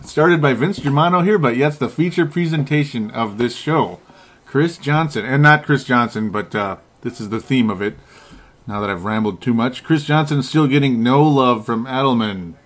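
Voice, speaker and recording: A man's voice: medium pitch, normal speed. A man co-hosting a casual sports podcast, rambling and laughing often between his points. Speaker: podcast co-host.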